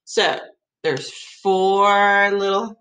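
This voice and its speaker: A woman teacher giving a playful, excitable math lesson for children. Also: medium pitch, extremely slow, low-quality recording.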